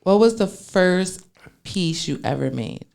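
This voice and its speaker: A playful, chatty woman with a New York accent hosts a casual fashion talk. Her voice is fairly low, with a gravelly fry running through it. Her tone stays smooth and clear. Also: lively intonation, slow pace, a little mellow. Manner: chatty, playful, laughs easily. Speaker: podcast host.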